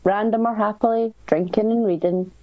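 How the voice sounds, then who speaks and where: A woman playing a tabletop game, quick and matter-of-fact. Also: medium pitch, fairly even intonation, narrow, tinny audio. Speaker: player.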